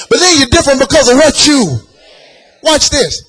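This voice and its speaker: A preacher in a church, delivering a sermon in a sing-song chanting cadence and putting questions to the congregation. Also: male voice, extremely high pitch, big pitch swings, moderate pace, a bit bright.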